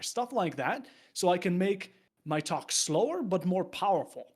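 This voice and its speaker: A man's voice: high-pitched, big pitch swings, unhurried, slightly rough. A young man, an esports caster, chatting casually and playfully as a guest, laughing as he talks. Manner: laughs often while talking, playful. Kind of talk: casual chat.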